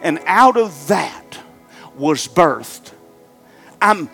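A middle-aged male pastor preaching to his congregation, moving from loud fervent exhortation to hushed, halting storytelling. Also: high voice, very animated, vocal fry, slightly rough, soft background music. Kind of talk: sermon. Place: church sanctuary before a congregation.

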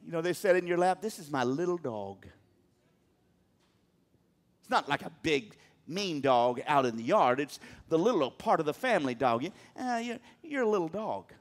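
A male preacher delivering a sermon with a high voice that swings widely in pitch. He talks emphatically and keeps calling on the congregation to answer him. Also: very animated, a little fast, hardly any pauses. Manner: emphatic, calls on the congregation to respond.

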